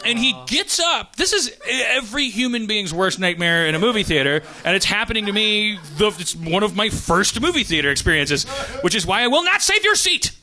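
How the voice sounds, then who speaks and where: A man's voice: sits high, expressive, fairly quick, hardly any pauses, noisy background. A man hosting a podcast, telling a comic story in a rambling way, with many restarts and acted-out quotes. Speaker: podcast host. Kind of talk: comedic storytelling.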